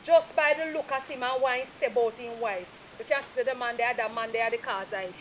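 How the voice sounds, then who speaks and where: A Jamaican woman acting a nosy, talkative female surveyor who gossips freely and is quick to apologise, in a low-budget drama. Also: slight background noise, natural voice. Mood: disapproving. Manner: gossiping, chatty, dramatic retelling. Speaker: property surveyor.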